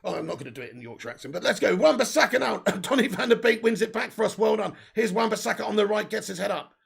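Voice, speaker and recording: Brief: male watch-along host, high-ish gravelly voice with a husky edge, casual, excitable. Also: fast talker. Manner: excitable, casual, swears, reads out viewer messages. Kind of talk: live football watch-along commentary.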